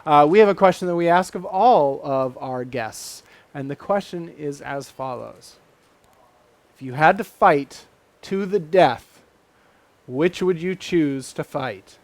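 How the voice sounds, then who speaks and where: Male host of a gaming talk show, slightly high voice, dry close sound, playful and drawn out. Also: no echo. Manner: drawn-out, playful delivery of a set question. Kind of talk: casual chat while playing a video game.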